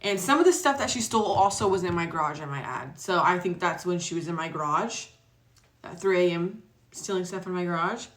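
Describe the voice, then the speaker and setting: Young woman, casual storytime vlog, chatty and animated, acted-out quotes, blunt swearing. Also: fairly low pitch, brisk. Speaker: vlogger.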